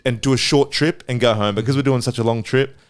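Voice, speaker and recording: A man's voice: medium pitch, fast, clean tone. Sweary young Australian man. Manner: sweary, animated storytelling. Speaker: podcast panelist. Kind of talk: casual chat.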